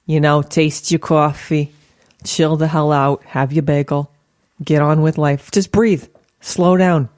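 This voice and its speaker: A woman hosting a podcast in a casual chat, animated and playful, with frequent swearing. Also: low voice, takes it slowly, no room sound, clean studio sound. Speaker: podcast host.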